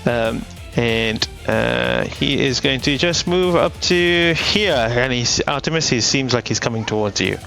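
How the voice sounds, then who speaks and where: Gravelly, animated game master. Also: medium pitch, measured pace, hardly any pauses, faint music behind, poor audio. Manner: laid-back, laughing often, filler-heavy narration. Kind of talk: running a tabletop game online with friends.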